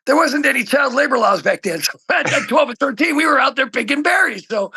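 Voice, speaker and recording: A middle-aged man from Oregon, a guest musician telling stories in a casual interview over the phone, excitable and swinging between loud bursts and hushed talk. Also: very high-pitched, a little fast, husky.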